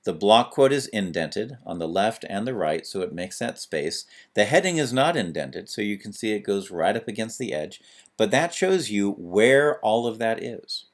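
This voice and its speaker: A man's voice: fairly low pitch, big pitch swings, normal speed. A man teaching a screencast lesson on web pages, talking through each step as he types, with fillers. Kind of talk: screencast tutorial.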